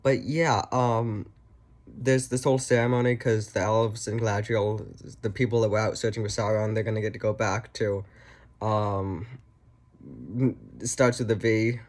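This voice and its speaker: A man's voice: fairly low pitch, level tone, normal speed. Rambling, sarcastic man. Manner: rambling, many ums, sarcastic and mocking. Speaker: reviewer and author. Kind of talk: casual spoken review.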